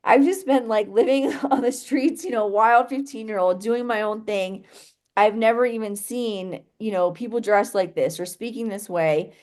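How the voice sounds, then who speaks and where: A woman's voice: fairly high pitch, normal speed, darkish tone. A young adult woman telling a painful personal story in an interview, rambling and full of "like" and "you know" as she restarts her sentences.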